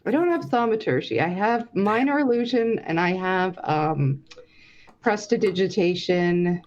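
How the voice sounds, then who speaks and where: A woman playing a tabletop game, slowly thinking aloud about her spells. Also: mid-range voice, animated, darkish tone. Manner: slow and thinking aloud, reading from her sheet. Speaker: player. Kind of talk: casual tabletop game chat. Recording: dull lo-fi sound with faint noise.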